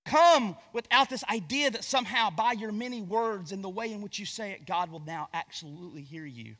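A very high-pitched, sharp-toned voice comes from a Southern pastor from Gastonia, North Carolina, preaching in a church sanctuary with big-room sound. He jokes conversationally and frequently restarts his sentences.

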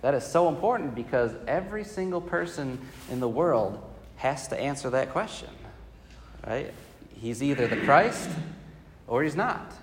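A man's voice: mid-range voice, lively intonation, normal speed, slight background noise. Man teaching a Bible class in an echoing hall. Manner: conversational, asks the class questions, many fillers. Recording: reverberant hall.

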